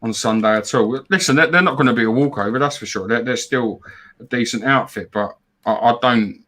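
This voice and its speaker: A man's voice: medium pitch, brisk, fairly bright tone. A man co-hosting a casual live fan stream, chatting about football and reading out donations. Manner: chatty, repeats words, reads out donors. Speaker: fan show co-host.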